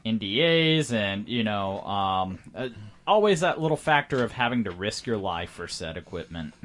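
A man's voice: lowish voice, big pitch swings, moderate pace, fairly bright tone. A man co-hosting a casual podcast, joking and filling his talk with "like" and "you know". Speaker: podcast co-host.

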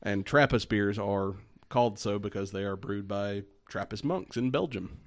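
Man, podcast host, casual chat, lowish voice, easygoing, halting delivery. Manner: easygoing, halting, frequent restarts and laughs.

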